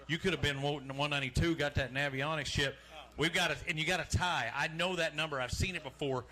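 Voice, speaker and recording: Man, fishing weigh-in emcee, sharp bright tone, slightly high voice, joking and chatty. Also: steady tone, fast. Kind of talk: live event hosting. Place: outdoor lakeside weigh-in stage.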